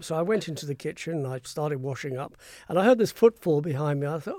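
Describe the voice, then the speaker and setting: An older man, a former royal press spokesman, telling anecdotes briskly and acting out the voices he quotes. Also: on the high side, animated, darkish tone, no echo, studio quality. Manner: brisk raconteur who acts out quoted voices. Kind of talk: anecdotal interview storytelling.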